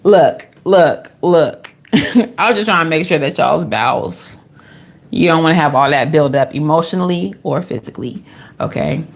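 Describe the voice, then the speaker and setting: Woman tarot reader, AAVE, low and gravelly, sassy and profane, casual delivery. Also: expressive, normal speed. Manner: sassy, swears freely, jumps into high playful voices.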